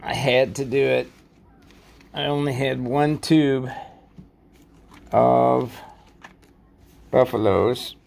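A man casually rambling through a show-and-tell vlog about his collection, halting often with fillers and folksy sign-offs. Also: mid-range voice, fairly even intonation, vocal fry, a little mellow, slight background noise. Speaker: coin collecting vlogger.

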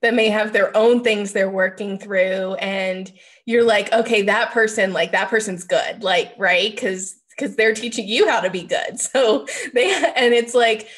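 A woman hosting a podcast, speaking in a relaxed, supportive way with many fillers. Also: medium pitch, measured pace. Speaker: podcast host. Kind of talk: casual podcast conversation.

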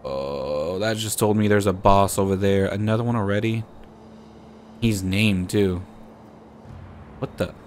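A man's voice: lowish voice, a little slow, long pauses, darkish tone, slight background noise. Playful man commenting on a game. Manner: playful, talks back to game characters, jokey. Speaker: gaming channel host. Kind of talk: let's play commentary.

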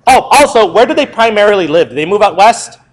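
A young man teaching in a classroom, his fairly high voice jumping up and down in pitch as he fires questions at the class. He reviews a history unit at a brisk, conversational clip, recorded from a little distance in the room. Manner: lively, asks the class questions and answers them himself.

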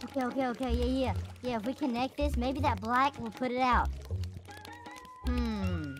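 Woman, gaming co-commentary, fairly high voice, chatty, playing a baby sibling, music underneath. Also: moderate pace. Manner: chatty, keeps calling her partner brother. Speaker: gaming co-player.

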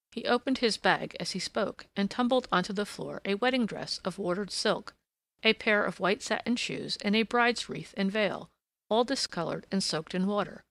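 Woman reading an old detective story, steady, bit gravelly, dry sound. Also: mid-range voice, normal speed, no room sound. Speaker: audiobook narrator. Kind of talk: scripted narration of a classic story.

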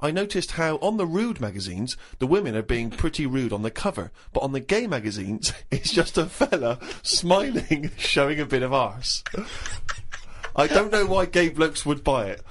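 A man's voice: a little high, sing-song, normal speed. A man hosting a podcast, reading a diary aloud in a giggly, mocking way. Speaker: podcast host.

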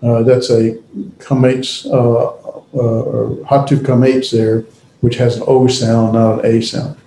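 A man teaching a class, speaking haltingly with many pauses and restarts. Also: mid-range voice, little pitch movement, gravelly, mellow, echoey room, slight background noise, rough recording. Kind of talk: classroom lecture.

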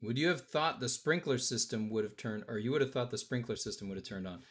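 A man's voice: mid-range voice, animated, fast, a bit bright. A man hosting a live-stream auction, joking with bidders and counting down bids. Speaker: auction host.

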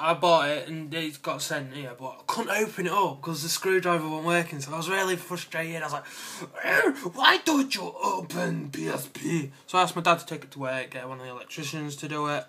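A young man tells his viewers about his day in a rambling, excitable vlog. His voice sits a bit high and sounds bright and punchy. He giggles easily and fills pauses with ums and likes. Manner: excitable, giggly, lots of fillers and playful asides. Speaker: vlogger. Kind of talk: casual rambling vlog chat.

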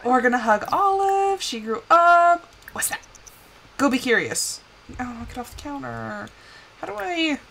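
A young woman giving casual live commentary on a life-sim game, chatty and scolding her characters with bursts of excitement. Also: sits high, a little slow, gravelly, slight background noise, poor audio.

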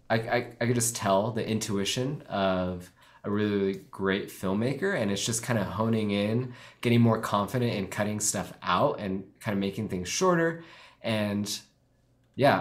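Low-voiced man giving casual film critique. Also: unhurried. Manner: relaxed, many fillers, thinks aloud. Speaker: wedding filmmaker co-host reviewing films. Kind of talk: casual live-stream critique.

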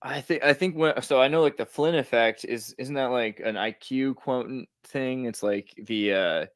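Brief: male co-host, mid pitch, agreeable, chimes in, dry close sound. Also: normal speed, no echo. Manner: agreeable, chiming in. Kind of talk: casual chat.

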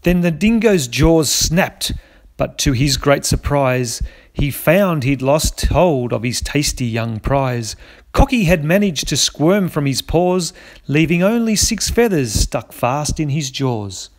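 A man's voice: on the high side, lively intonation, takes it slowly. A man narrating a rhyming children's storybook in a lilting, rhythmic way. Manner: lilting, rhythmic rhyme reading.

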